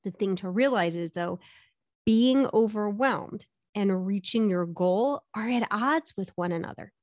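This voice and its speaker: A woman's voice: mid-range voice, measured pace, darkish tone, no echo. A middle-aged woman coaching with a direct, upbeat delivery, putting rhetorical questions to the listener. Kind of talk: motivational coaching talk.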